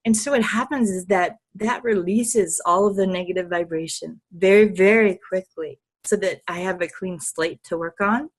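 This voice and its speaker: A woman guest on an interview show, telling stories in a lively, laughing way and swearing freely. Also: medium pitch, moderate pace, few pauses, slightly rough. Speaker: podcast guest, healer. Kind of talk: casual interview storytelling.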